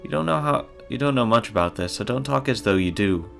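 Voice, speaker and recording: A man voicing a sweet, gentle teenage girl who speaks softly and pleadingly while reading a visual novel aloud. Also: mid-range voice, lively intonation, a little fast, vocal fry, faint music behind. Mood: earnest.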